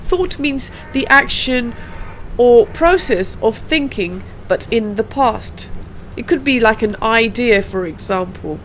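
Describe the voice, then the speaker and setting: Slow-spoken British woman teaching pronunciation. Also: a little high, animated, slight background noise, rough recording. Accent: British English. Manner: slow, carefully drilled pronunciation with repeated sounds. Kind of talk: pronunciation lesson.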